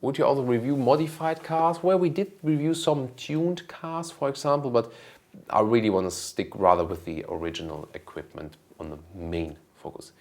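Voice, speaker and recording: Gravelly-voiced car reviewer man. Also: medium pitch, moderate pace. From Germany. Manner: relaxed, thinking aloud with many ums. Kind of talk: casual Q&A answering viewer questions.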